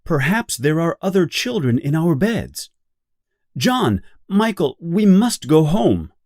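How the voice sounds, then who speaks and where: A man voicing a caring, motherly young girl in a storybook reading, earnest and gentle. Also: medium pitch, sing-song, measured pace, no room sound, clean studio sound.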